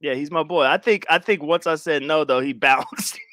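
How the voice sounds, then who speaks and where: Young male stream host, casual and profane, high lively voice, dry close sound. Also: moderate pace, no room sound. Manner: animated, swearing, laughing, talking to chat. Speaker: livestream host.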